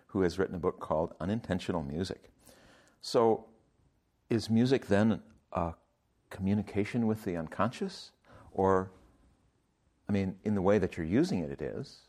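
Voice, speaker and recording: A man's voice: deep voice, darkish tone. A man hosting an interview show, introducing his guest and asking questions. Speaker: radio host.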